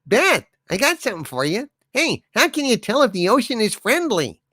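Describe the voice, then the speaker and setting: A man voicing Harvey, a wild male puppet who tells corny pun jokes in shrill outbursts. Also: very animated, normal speed, sharp tone, husky, no echo, studio quality, heavily acted. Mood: manic.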